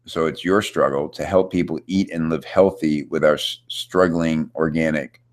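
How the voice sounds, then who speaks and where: A man with a remarkably deep, low voice hosts a live online coaching chat. He talks in a loose, upbeat way, full of fillers, and speaks to viewers from his computer. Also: fairly even intonation, normal speed. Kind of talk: casual coaching chat, reading viewer questions. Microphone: computer setup with screen share.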